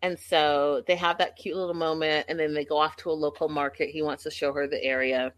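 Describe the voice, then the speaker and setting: A woman's voice: low-pitched, level tone, brisk, no room sound. A woman hosting a livestream, gossiping casually and speaking straight to her viewers. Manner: chatty, gossipy, addresses the audience directly. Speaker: livestream host. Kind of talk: casual recap chat.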